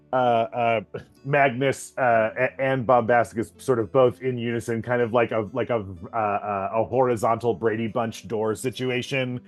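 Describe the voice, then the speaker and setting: A man narrating as game master of a tabletop game, halting, with many fillers and frequent laughs. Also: mid-range voice, steady tone, faint music behind.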